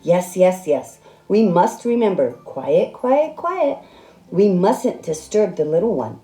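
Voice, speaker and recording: A woman's voice: fairly low pitch, very animated, slow pace, dark tone, reverberant, faint music behind. A woman voicing a proud, stubborn male goose in a storybook read-aloud, earnest in manner.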